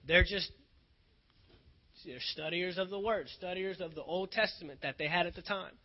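Delivering a sermon, a male pastor speaks in a high-pitched voice at normal speed, earnest and emphatic, repeating phrases often to give them weight. It's a dull lo-fi recording.

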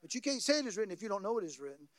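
A male pastor preaching a sermon, swinging from quiet asides to loud, excited bursts. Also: high-pitched, very fast, dry recording, studio quality.

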